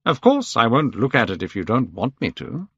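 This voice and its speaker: A man reading aloud, voicing a gentle, devoted male painter who speaks in a raised, earnest, coaxing tone. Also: medium pitch, wildly swooping pitch, normal speed, breathy edge, no echo, full character voice. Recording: dull, dry lo-fi recording.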